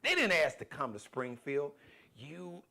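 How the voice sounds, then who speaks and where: A male host holds forth on a live show with animated, emphatic, slangy commentary. His voice sits a little high for a man. He swings between loud emphasis and quieter asides. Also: unhurried, vocal fry.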